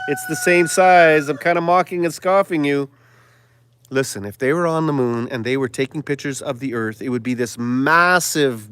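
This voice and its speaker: A man hosting a live stream, delivering a sarcastic, preachy monologue that now and then drops to a hushed whisper. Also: a little high, no room sound. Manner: sarcastic, mocking asides; preachy, sermon-like exhortation.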